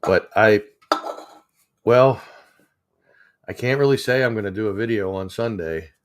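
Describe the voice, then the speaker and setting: Low-voiced man rambling on a livestream. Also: a little slow. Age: 40s. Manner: rambling, chuckling, reading chat aloud. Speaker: livestream host. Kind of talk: casual live chat.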